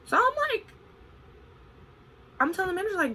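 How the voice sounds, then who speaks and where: Young woman vlogger, bright tone, animated storytime delivery, faint room hum. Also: high-pitched, fairly quick, pauses often, low-quality recording. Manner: animated, expressive retelling with frequent "like". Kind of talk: casual storytime vlog.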